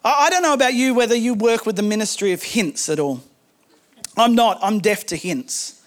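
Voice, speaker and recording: High-voiced man preaching. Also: moderate pace. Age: adult, married. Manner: animated storytelling with humorous asides. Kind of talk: sermon.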